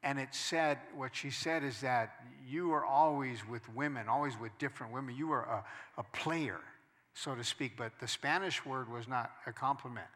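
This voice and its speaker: A male pastor preaching a sermon, moving between quiet storytelling and loud, emphatic preaching. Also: medium pitch, normal speed, long reverb tail.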